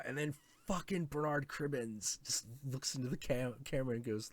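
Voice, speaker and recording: Excitable swearing man, dry sound. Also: medium pitch, normal speed, few pauses, no room sound. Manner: excitable, swears often, acts out quotes. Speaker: host. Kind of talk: casual stream chat.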